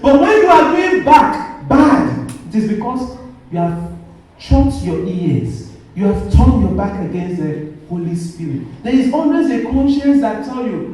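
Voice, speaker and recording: A man preaching as a priest, his very high voice swooping with lively melody as he keeps asking the congregation to finish his sentences. He speaks slowly and deliberately. The sound is distant and booming, caught from far back in a reverberant church with faint ambience behind. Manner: call-and-response questioning of the congregation. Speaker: Catholic priest. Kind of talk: sermon.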